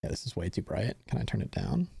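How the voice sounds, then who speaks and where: A man's voice: fairly low pitch, wildly swooping pitch, fast, creaky, dark tone, slightly rough, dry recording, clean studio sound. A young man streaming live, chatting casually and rambling with many fillers and restarts.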